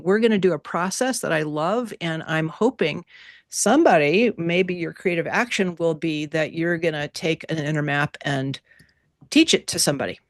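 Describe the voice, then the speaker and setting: A woman teaching an online workshop class over a video call, in an animated, playful way that repeats key words. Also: on the low side, no echo, clean studio sound.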